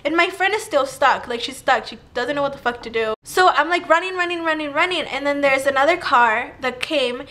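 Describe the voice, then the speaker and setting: A young woman telling a personal story to camera in a chatty, animated way, with "like" all through her talk. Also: high voice, a little fast, hardly any pauses, background noise. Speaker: vlogger. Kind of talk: casual storytime.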